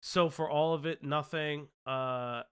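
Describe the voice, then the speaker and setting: A man's voice: fairly high pitch, steady tone, slow pace, smooth. A man commenting on a live stream, swearing and reacting with sarcastic exasperation.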